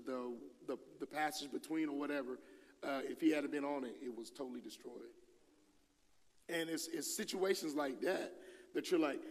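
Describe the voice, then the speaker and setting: A man preaching a sermon in a relaxed, conversational way, acting out quoted voices with casual slang. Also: mid-range voice, long reverb tail. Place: church hall.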